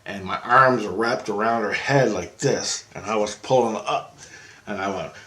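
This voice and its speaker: A man telling a story in a rambling, excitable way, with lots of swearing and restarts. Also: on the low side, moderate pace. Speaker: vlogger. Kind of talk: casual storytelling.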